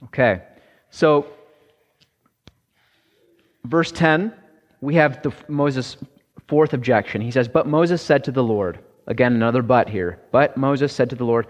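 A man preaching a conversational sermon, halting at times with restarts and fillers. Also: medium pitch. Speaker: pastor. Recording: long hall reverb.

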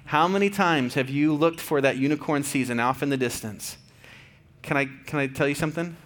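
A man in his thirties, a pastor giving a conversational, earnest sermon with fillers and restarts, going soft and quiet at tender points. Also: on the high side, fairly quick. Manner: drops to soft, quiet tones for tender moments.

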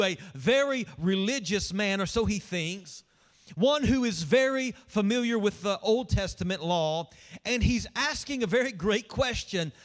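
A man preaching a sermon as pastor, reading scripture aloud and explaining it with emphasis to a congregation. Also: high voice.

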